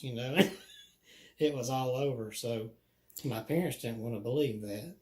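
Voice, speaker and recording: A man's voice: mid-range voice, brisk, darkish tone. A man, telling ghost stories from his childhood in a chatty, casual way, laughing often. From Alabama. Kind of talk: casual storytelling.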